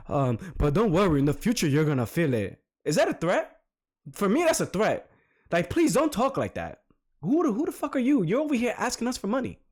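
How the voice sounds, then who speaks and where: A man giving casual reaction commentary, animated and repeating phrases for emphasis. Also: sits high. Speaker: reaction streamer.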